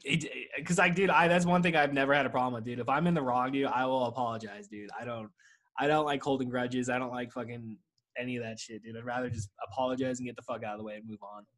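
A man's voice: mid-range voice, steady tone, fast talker, a bit bright. A man chatting casually on a podcast, swearing and saying "dude" constantly. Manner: profane, says "dude" a lot. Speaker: podcast co-host. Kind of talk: casual chat.

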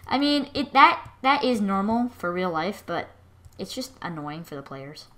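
Lively, bright-voiced woman gaming host. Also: mid-range voice. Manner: chatty, excitable, quick to gasp and exclaim. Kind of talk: casual let's-play commentary.

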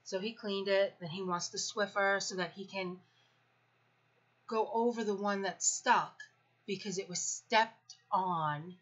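A woman's voice: mid-range voice, a little slow, highs cut off. A woman in her fifties venting candidly about family life, blunt and profane with a sarcastic edge. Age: 50s. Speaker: parenting vlogger.

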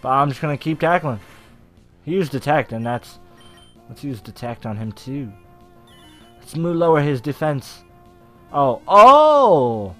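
A young man giving casual, excitable, profane let's-play commentary over a video game, shouting when frustrated. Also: mid-range voice, normal speed, long pauses. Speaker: gaming YouTuber. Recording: faint game music behind.

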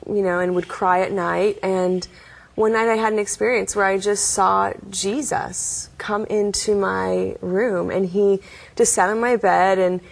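A young woman speaks as an interview guest, recounting her story earnestly and slipping into the voices of the people she quotes. Her voice has a soft, breathy, slightly husky grain at an ordinary middle pitch. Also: fairly even intonation, measured pace. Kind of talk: interview testimony.

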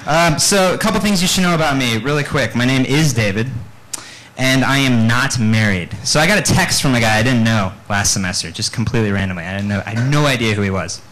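A young man in a college comedy set, telling stories in a deadpan way, with animated voices for quoted lines. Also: mid-range voice, fast, poor audio. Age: young adult. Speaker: stand-up comedian. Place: live venue with audience. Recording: faint background noise, live stream.

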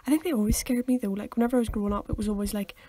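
A woman's voice: medium pitch, fairly even intonation, racing, warm tone, husky. A woman, co-hosting a casual, giggly podcast chat. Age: 20s. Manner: chatty, giggly, acts out quoted voices. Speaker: podcast co-host.

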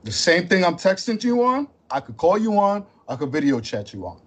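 A man's voice: sits high, sing-song, brisk. A man hosting a podcast, talking bluntly and confrontationally with streetwise slang. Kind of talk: heated podcast conversation.

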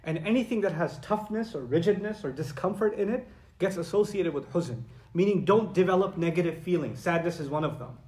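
A man preaching a lecture-style sermon in a conversational, animated way, sometimes reciting Arabic. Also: high voice, brisk, reverberant. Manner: animated and conversational, acting out quoted voices; recites Arabic verses and sources. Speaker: Islamic preacher.

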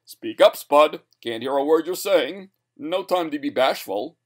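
Field: a man doing a loud, brisk army announcer. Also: fairly high pitch, animated, voice pushed up. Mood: prodding. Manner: loud, prodding, showman's call.

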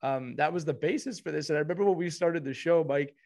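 A man's voice: fairly high pitch, fast talker, a little mellow. A man hosting a casual podcast, talking in an effusive, earnest way as he praises his co-hosts. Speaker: podcast host.

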